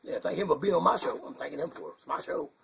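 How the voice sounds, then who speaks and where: A man's voice: a little high, rapid-fire, vocal fry, fairly bright tone, breathy edge, pitched below the performer's own voice, heavily acted. A man voicing a goofy, confused male bird puppet who rambles in a muddled, chuckling way on a puppet comedy show. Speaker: hand puppet co-host.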